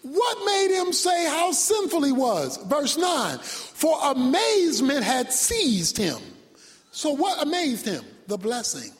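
A preacher with a very high, lively voice delivers a sermon. He swings from fervent shouts to low, hushed lines. Everything rings in the long reverb of a big hall. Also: takes it slowly. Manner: dramatic, shouting, sudden drops to near whisper.

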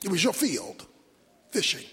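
A man preaching a sermon with dramatic delivery, shouting one moment and dropping low the next. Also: very animated, a little slow. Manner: dramatic, shouting, sudden drops to near whisper. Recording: long hall reverb.

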